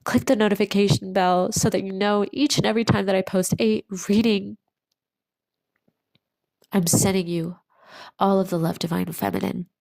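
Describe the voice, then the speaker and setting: A woman giving a channeled tarot reading to her viewers, speaking slowly and soothingly and repeating phrases for emphasis. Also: medium pitch, fairly even intonation, creaky, a little mellow, no room sound, rough recording. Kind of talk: channeled pick-a-card reading to camera.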